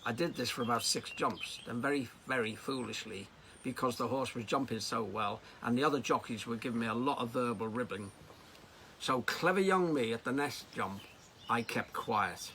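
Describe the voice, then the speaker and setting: A man from Liverpool, a riding coach, telling personal anecdotes in a lively, storytelling way. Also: medium pitch, normal speed, slight background noise. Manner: anecdotal, lively delivery with acted quotes.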